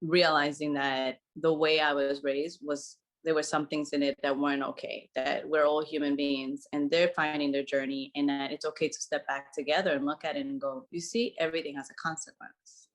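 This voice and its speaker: A woman with a low voice talks openly in a relaxed podcast chat. She is animated and laughs easily as she tells her stories. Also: normal speed, few pauses. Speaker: podcast co-host. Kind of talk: casual conversation.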